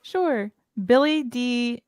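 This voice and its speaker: A woman's voice: a little high, drawn-out words, a little mellow, dry recording, clean studio sound. A woman on a podcast panel, chatting casually and often restarting her sentences. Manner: hesitant, restarts, apologetic.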